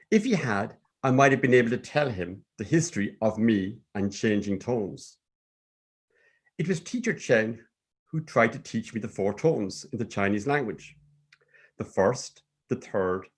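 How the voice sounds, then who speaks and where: A man with a Cork Irish accent telling a personal story in a measured, sing-song way. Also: mid-range voice. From Ireland.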